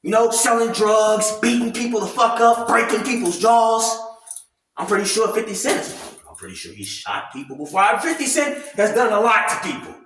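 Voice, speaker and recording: A man ranting loudly and animatedly in casual commentary, swearing freely. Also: high voice, normal speed, faint music behind. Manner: loud, animated, profane ranting. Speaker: commentary vlogger. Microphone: camera mic at a distance, no clip-on mic. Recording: very echoey room, voice far from mic.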